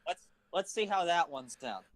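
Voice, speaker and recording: A man's voice: a little high, expressive, moderate pace, dry recording, low-quality recording. Man directing a voice session, rambling, fillers, dry close sound. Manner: hesitant, rambling with many fillers. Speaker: writer and director. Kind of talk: casual directing chat. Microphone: phone.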